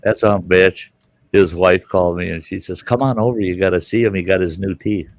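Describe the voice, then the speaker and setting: A man's voice: low voice, fairly even intonation, brisk, no echo. A man hosting a casual campfire chat, telling stories in a boisterous, profane way. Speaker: host.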